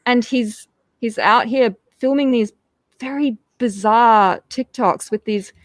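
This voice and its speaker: A woman's voice: on the high side, slow pace, dry recording. A woman speaking as a guest in a casual live-stream discussion, articulate and sardonic.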